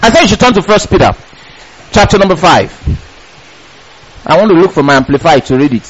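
A man preaching a sermon, reading scripture slowly and with emphasis, then breaking into passionate shouts. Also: a little high, expressive, breathy edge, lo-fi sound. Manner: impassioned, rising to shouts on key lines.

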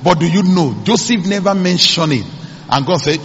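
A man's voice: high-pitched, moderate pace, fairly bright tone, highs cut off, a little hiss or hum. A man, preaching a sermon as pastor and calling out to the congregation. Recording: echoey church hall.

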